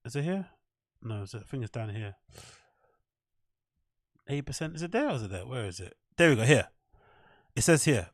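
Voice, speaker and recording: A man's voice: medium pitch, sing-song, moderate pace, pauses often, dry recording, studio quality. A man hosting a solo podcast, commenting on clips in a mocking, sarcastic way and swearing freely. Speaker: podcast host. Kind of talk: rambling commentary over clips.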